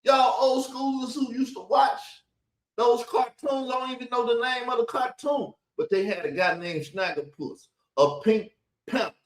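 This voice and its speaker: Combative high-voiced man, echoey room. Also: normal speed. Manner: combative, colloquial, repetitive. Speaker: commentary video host. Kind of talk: rambling commentary on played clips.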